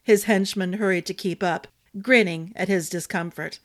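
A woman storyteller reading a fantasy novel aloud in a steady, expressive narration. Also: on the low side, moderate pace.

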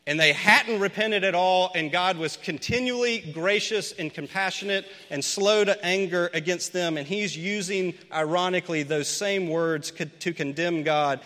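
A man's voice: high voice, sharp tone. A man preaching a storytelling sermon in a conversational, earnest way that builds to emphatic points. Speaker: pastor. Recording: long reverb of a large hall.

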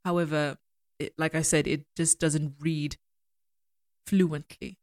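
Low-voiced woman critiquing poetry. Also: little pitch movement, a little mellow, no room sound, studio quality. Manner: measured, deliberate, argumentative. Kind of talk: analytical commentary reading poems aloud.

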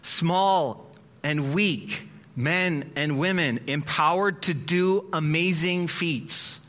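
A male pastor preaching a sermon in an animated, conversational way with dramatic pauses. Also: a little high.

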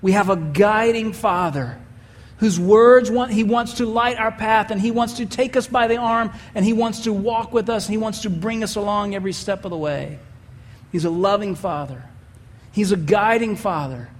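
A man's voice: sits high, normal speed, big-room sound. A man preaching a sermon as pastor, telling a story and acting out the voices he quotes.

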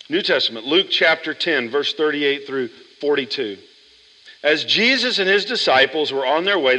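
A man pastor preaching a sermon in a church, animated and chatty, often asking the congregation questions. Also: a little high, long reverb tail, poor audio. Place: church sanctuary.

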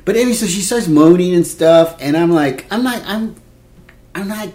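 A man in his fifties telling a dating story in casual chat, animated and laughing, acting out quotes. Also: sits high, moderate pace. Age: 50s. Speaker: podcast co-host.

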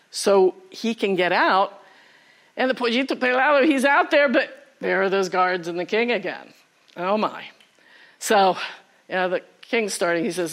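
A woman storyteller telling a folktale live to a college class, animated, quizzing her listeners and laughing often. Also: medium pitch.

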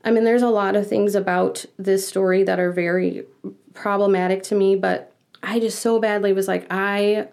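A woman in her thirties tells a personal story on a podcast, her voice carrying a gravelly edge. She speaks with open emotion and slips into other people's voices as she quotes them. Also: mid-range voice, steady tone, normal speed, darkish tone. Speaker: guest.

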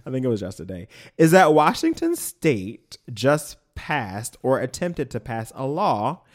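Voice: mid-range voice, huge pitch swings, unhurried. A co-host of a casual podcast who tells stories and brings in statistics, laughing along. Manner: storytelling, laughing, brings facts. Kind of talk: casual chat.

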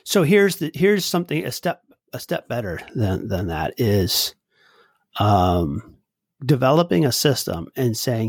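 Animated man on a dry podcast mic. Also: mid-range voice, measured pace, slightly rough, no room sound. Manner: animated, acts out quoted lines, laughs easily. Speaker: podcast co-host. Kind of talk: casual chat.

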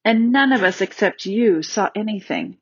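A woman voicing a tired, gentle older girl who speaks softly and wearily in a storybook reading. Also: mid-range voice, animated, moderate pace, husky, dry recording, voice pushed up. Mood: weary. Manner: gentle, weary. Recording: dull, slightly lo-fi dry recording.

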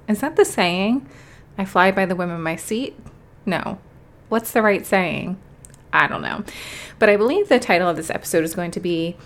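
A woman's voice: on the low side, moderate pace. Chatty, heartfelt young woman podcaster. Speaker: podcast host. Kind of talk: casual solo podcast talk.

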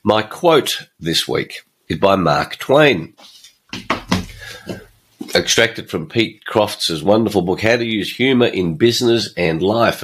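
A man's voice: low-pitched, fairly bright tone, breathy edge. A middle-aged man, hosting a motivational podcast monologue and stressing his points by repeating phrases. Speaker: podcast host and coach.

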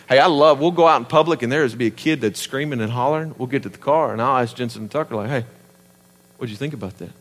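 Animated Southern preacher man in a hall. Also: medium pitch. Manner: animated, emphatic, conversational preaching. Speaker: pastor. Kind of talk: sermon.

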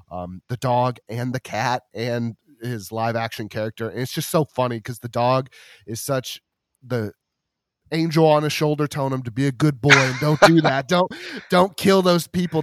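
A man's voice: medium pitch, no room sound, studio quality. A man hosting a podcast, chatting enthusiastically and rambling with many restarts. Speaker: podcast host. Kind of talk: casual chat.

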